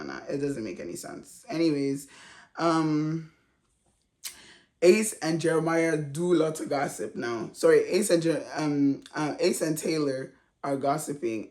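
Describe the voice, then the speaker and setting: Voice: mid-range voice, expressive, a little slow, darkish tone. A reality TV recap vlogger talking in a casual, slangy, chatty way with frequent laughs. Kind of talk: casual commentary.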